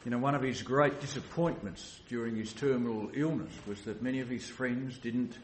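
Male pastor, mid pitch, earnest sermon voice, echoey church room with faint ambience. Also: steady tone, moderate pace, slight background noise. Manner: earnest, with many restarts and "you know"s.

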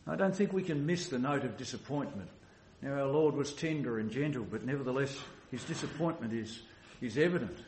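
Male pastor, mid pitch, earnest sermon voice, echoey church room with faint ambience. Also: expressive, fairly quick, few pauses, darkish tone, slight background noise. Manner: earnest, with many restarts and "you know"s.

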